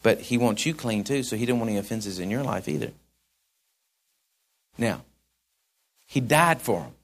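A man preaching a sermon in a folksy, conversational way that swells into emphatic, shouted points. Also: on the low side, animated, moderate pace. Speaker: pastor.

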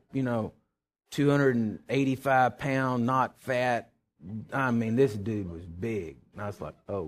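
A middle-aged man, a pastor preaching a sermon and telling a personal story in a folksy, animated way. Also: mid-range voice.

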